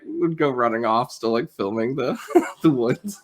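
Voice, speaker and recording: A man who is a player in a tabletop game, chatting casually and retelling scenes in an animated way. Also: mid-range voice, a little slow. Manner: animated storytelling full of fillers. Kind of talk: casual chat between game turns.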